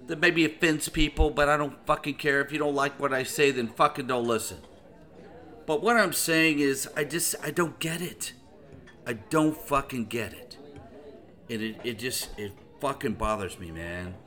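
Brief: angry male host, loud and swearing, bright forceful voice, swings widely in pitch. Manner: furious, heavy swearing, repeats himself. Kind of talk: profane angry rant.

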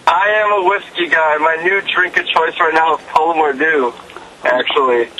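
A man's voice: on the high side, steady tone, normal speed, over a noisy crowd, rough recording. A man, a band member guest on a radio show, talking in a brash, rowdy way. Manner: brash, laughing. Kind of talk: casual interview chat.

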